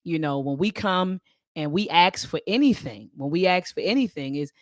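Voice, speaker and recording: A woman's voice: lowish voice, animated, moderate pace, no echo, clean studio sound. A woman hosting a live-stream book club discussion, speaking with passion and a preacher-like cadence that repeats phrases. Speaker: host.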